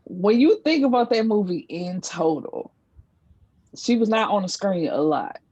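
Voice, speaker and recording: A woman's voice: mid-range voice, expressive, unhurried, darkish tone, husky, highs cut off. A woman co-hosting a casual chat podcast, matter-of-fact and skeptical. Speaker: podcast co-host.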